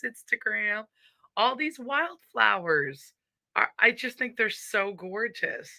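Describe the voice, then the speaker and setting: A woman's voice: medium pitch, bright, forceful tone, no room sound. A woman with a Southern accent hosting a casual live stream from home, chatty and upbeat as she greets viewers and reads their comments.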